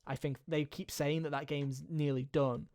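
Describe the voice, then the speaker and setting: A man's voice: on the high side, level tone, moderate pace, darkish tone. A man co-hosting a gaming podcast in casual chat, rambling and jokey, with a lot of swearing. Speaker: podcast co-host.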